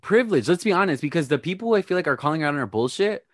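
A man's voice: fairly high pitch, lively intonation, very fast, a bit bright, no echo, studio quality. A man co-hosting a casual, profane chat that recaps a reality show, acting out the cast's lines as he goes. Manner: sassy, profane, quotes the cast in a put-on voice. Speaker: podcast co-host.

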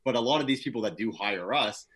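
A man with a husky, slightly breathy voice, chatting as a guest in a relaxed interview. He talks loosely with plenty of fillers and grows more animated as his stories build. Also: fairly low pitch, fast. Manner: laid-back, animated when telling stories, many "you know" fillers. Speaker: guest, PR professional. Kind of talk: casual interview storytelling.

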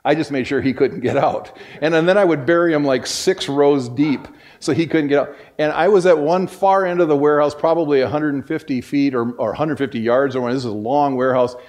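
A man's voice: a little high, brisk, few pauses, a little mellow. A middle-aged male pastor giving a casual, storytelling sermon in a church, folksy and self-deprecating, often restarting his sentences. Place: church sanctuary.

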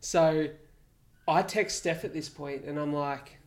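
A man's voice: on the high side, steady tone, slow pace. A young Australian man co-hosting a podcast, telling a story in a blunt, sweary, laughing way. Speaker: podcast co-host. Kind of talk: casual storytelling chat.

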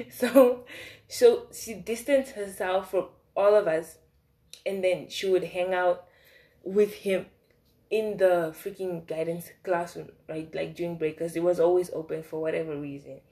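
A young woman telling a casual storytime. She talks in a chatty, animated way, with lots of fillers and swearing. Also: lowish voice, a little slow. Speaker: vlogger.

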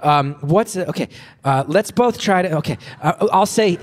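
A man's voice: sits high, lively intonation, normal speed, big-room sound, a little hiss or hum. A man hosting a live podcast, chatty and self-deprecating, often restarting his sentences. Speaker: podcast host. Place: live venue before an audience.

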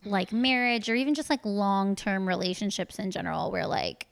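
A woman's voice: mid-range voice, normal speed, vocal fry. A woman in her thirties co-hosting a podcast in casual chat, wry and profane, with a lot of "like" fillers. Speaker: podcast co-host.

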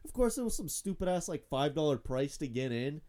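A man trades school stories in easy, profane casual chat. His pitch and tone are middling. He keeps the talk relaxed and loose. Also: brisk. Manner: laid-back, profane storytelling. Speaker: co-host reminiscing about school days.

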